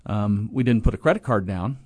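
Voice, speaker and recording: Here a guest who owns apartment buildings, in his 20s back in 1997 and now middle-aged, rambles through a long account of his business, restarting often and acting out quotes. His voice sits on the low side, darkish and slightly rough, and his pace is a little fast. There's no echo.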